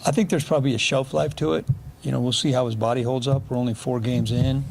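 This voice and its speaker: Gravelly-voiced blunt male football coach. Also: medium pitch, steady tone, quick pace, darkish tone, a little hiss or hum. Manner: blunt, dry, with sarcastic humor. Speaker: football offensive coordinator. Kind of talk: press conference answers.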